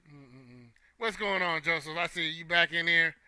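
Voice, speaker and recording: A man's voice: fairly high pitch, normal speed, bright, forceful tone, clean tone, dry recording. A young man hosting a casual opinion talk, playful and joking with his chat. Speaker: host.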